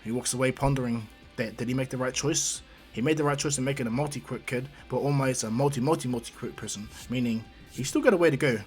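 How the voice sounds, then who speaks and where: A man's voice: medium pitch, quick pace, a little mellow, soft background music. A man retelling a fan story casually, rambling along. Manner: rambling, with fillers and restarts.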